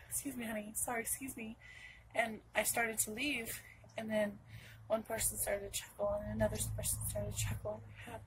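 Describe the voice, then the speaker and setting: Young woman from norcal rambling thru a story on her vlog, kinda high voice, bit of faint noise behind. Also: poor audio. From Northern California. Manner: rambling, with many restarts and asides. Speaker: vlogger. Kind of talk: personal storytelling to camera.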